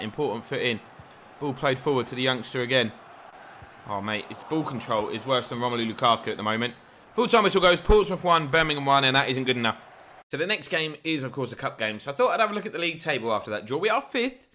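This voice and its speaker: A young man giving excitable, jokey commentary over his own football video game as a gaming YouTuber. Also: mid-range voice, fast talker, a little hiss or hum. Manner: excitable, mock match commentary with jokey asides.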